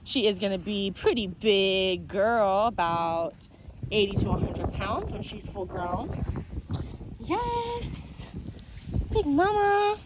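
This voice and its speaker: A woman's voice: mid-range voice, measured pace, noisy background. A woman hosting an animal vlog, chatting to viewers in an upbeat way and cooing baby talk at puppies. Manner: upbeat, addresses viewers directly. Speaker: animal channel host. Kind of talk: casual vlog chat.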